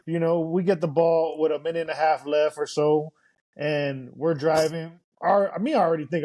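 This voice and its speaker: Brief: male podcast co-host, slightly higher voice, eager casual game recap. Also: steady tone, normal speed, mellow. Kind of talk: casual sports chat.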